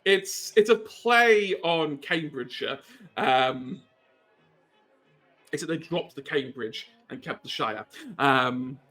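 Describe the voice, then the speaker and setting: Male game master, bright tone, slow and meandering, dry jokes. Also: a little high, animated, soft background music. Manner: rambling, many ums, wry asides. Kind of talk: narrating a tabletop game.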